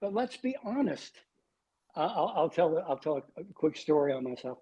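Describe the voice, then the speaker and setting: A man's voice: on the high side, big pitch swings, normal speed, dark tone, breathy edge, dull audio. A man in his sixties, a guest on a podcast, telling wry, self-deprecating stories. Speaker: guest, TV weatherman. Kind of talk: storytelling in a podcast interview.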